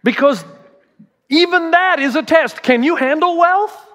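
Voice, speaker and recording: The speaker is a middle-aged man preaching as a pastor, with a funny storytelling style in which he acts out the voices he quotes. His pitch is extremely high, his pace a little slow and his tone fairly bright, heard in a big-room sound.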